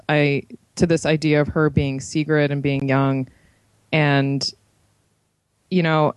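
A person in a casual film discussion, earnestly building up a point about a scene with many pauses and "like"s. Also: medium pitch, no echo, poor audio.

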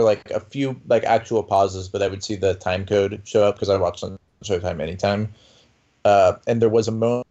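Man, low voice, emphatic, casual critique, dull lo-fi sound. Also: a little mellow. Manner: earnest, emphatic, many "like" fillers. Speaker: podcast panelist.

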